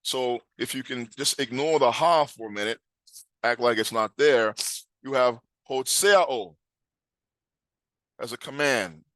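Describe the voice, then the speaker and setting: A man's voice: medium pitch, unhurried, long pauses, a bit bright, no room sound. Emphatic man teaching scripture. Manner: emphatic, questions the class. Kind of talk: scripture class.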